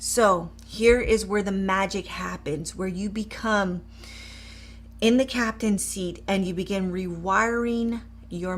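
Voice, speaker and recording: A woman coach in middle age with an upbeat, encouraging way of talking. She speaks straight to her listeners and shifts to a softer tone for a brief eyes-closed exercise. Her voice sits at an ordinary pitch for a woman. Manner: upbeat, encouraging, talks directly to viewers. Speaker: mindset coach. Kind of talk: live coaching demonstration.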